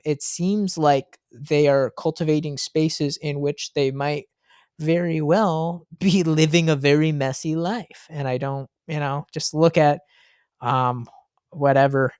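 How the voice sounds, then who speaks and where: A man hosting a casual podcast, telling stories in an animated way with frequent ums and likes. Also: on the high side, measured pace, clear, resonant tone, no room sound, studio quality. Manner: animated storyteller, frequent fillers. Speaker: podcast host.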